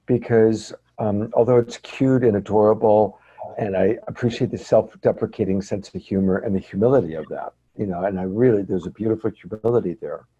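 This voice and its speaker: A man coaching a training group over a video call, speaking in a gentle, encouraging, affirming way. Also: fairly low pitch, fairly even intonation, fairly quick, slightly rough, muffled recording.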